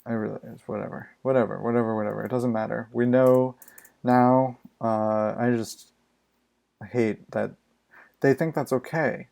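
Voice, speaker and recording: A man's voice: medium pitch, steady tone, moderate pace, creaky, darkish tone. A man live-streaming himself programming, muttering his thoughts aloud in a casual, exasperated way and swearing freely.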